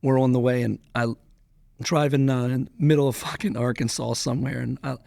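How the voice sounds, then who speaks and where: Animated, swearing young man telling a road story. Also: medium pitch, brisk, vocal fry, dry recording, studio quality. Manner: animated, swears freely, laughs often. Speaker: record-setting drag racer, guest. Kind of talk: casual storytelling.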